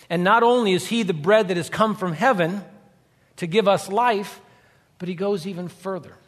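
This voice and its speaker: A man preaching a sermon, dramatic, swinging between loud, raised lines and hushed, quiet ones. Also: sits high. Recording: long hall reverb.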